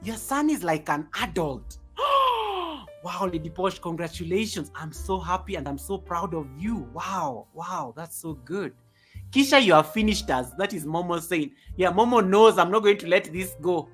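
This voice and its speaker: A man hosts a casual live stream from home and reads his viewers' comments aloud with animated, chatty energy, chuckling often. He talks close to a desk microphone, and a little music plays softly behind him. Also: high voice, normal speed. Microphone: USB desk microphone.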